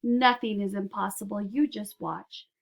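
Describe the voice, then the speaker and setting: A woman reading aloud and voicing an eccentric, excitable male candy maker who talks eagerly and insistently. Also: medium pitch, a little slow, vocal fry, rough recording. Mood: excited. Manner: eager, insistent, grandly persuasive.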